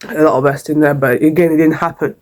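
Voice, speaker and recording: A woman's voice: low-pitched, steady tone, fast, a little mellow. A young woman vlogger telling a casual storytime, chatty and repetitive, with frequent swearing. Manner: chatty, repeats herself, swears, sings a short hymn.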